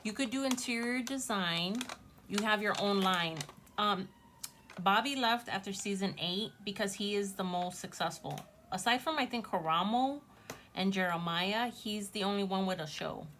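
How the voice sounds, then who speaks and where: A woman's voice: medium pitch, moderate pace, a bit bright, slight background noise. A woman casually chatting to viewers as she gives a tarot reading, gushing and talking straight to her audience. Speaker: tarot reader.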